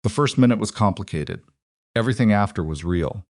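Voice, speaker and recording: A man reading the lines of a reserved, careful crime boss, spoken slowly and evenly in his own voice. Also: lowish voice, dry recording, clean studio sound. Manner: slow, even, careful wording.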